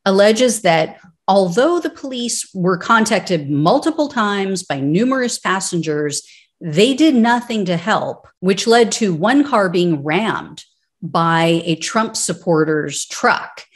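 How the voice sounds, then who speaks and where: A woman's voice: mid-range voice, lively intonation, takes it slowly. Woman, news commentator, opinionated, sarcastic, indignant asides, mid-range voice.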